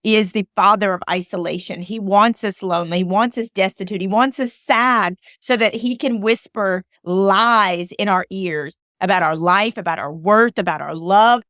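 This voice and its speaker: A Southern woman hosts her podcast in an earnest, deeply felt voice that builds into appeals like a preacher's. She sits at a middle pitch for a woman. Her voice comes across close and dry, with no room sound. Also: moderate pace, hardly any pauses, fairly bright tone, dry recording. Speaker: podcast host. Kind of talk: heartfelt podcast monologue.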